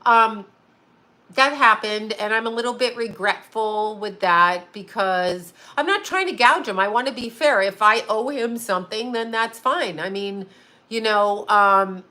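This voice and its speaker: Speaking at a measured pace with a medium-pitched, pushed, bright voice, a middle-aged psychic medium chats on her own livestream channel. Her talk is rambling and emotional, and she swears freely.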